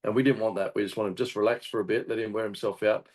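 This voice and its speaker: A man with an Australian accent, a hunting guest telling a story in casual chat, animated and swearing often. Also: lowish voice, racing. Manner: animated, swears often, acts out shouted quotes. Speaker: guest hunter.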